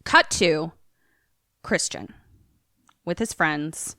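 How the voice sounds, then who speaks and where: A woman podcast co-host casually retelling a film's plot, animated and profane, slipping into quoted voices. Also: deep voice, drawn-out words, dry recording, studio quality.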